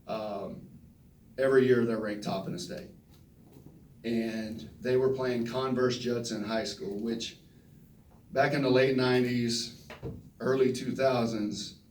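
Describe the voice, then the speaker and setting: A man, telling folksy, animated stories at a press conference and acting out the quotes. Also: medium pitch, a little hiss or hum. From Texas. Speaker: retiring football player at press conference. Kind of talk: storytelling speech. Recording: roomy echo from a distant mic.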